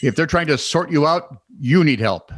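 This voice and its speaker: A man's voice: a little high, expressive, moderate pace, no echo. An American man co-hosting a comedic news podcast, joking and laughing as he chats. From United States. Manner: joking, teasing, laughs often. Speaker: podcast co-host. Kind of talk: casual comedic news chat.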